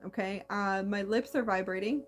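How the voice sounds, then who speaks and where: A woman hosting a spiritual talk, speaking in a meandering, halting way with many restarts and a slight lisp. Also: mid-range voice, soft background music. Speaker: spiritual channel host. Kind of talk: casual spiritual monologue.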